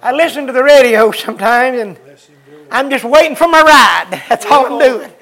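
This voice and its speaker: Older man singing gospel, high and bright. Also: expressive, poor audio. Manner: drawn-out sung lines, then quick chatty talk addressing others by name. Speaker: gospel singer. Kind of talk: gospel singing and folksy storytelling.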